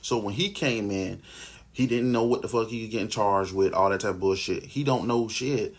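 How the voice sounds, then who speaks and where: Deep gravelly man, blunt and profane. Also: moderate pace. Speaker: commentator. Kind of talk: casual monologue.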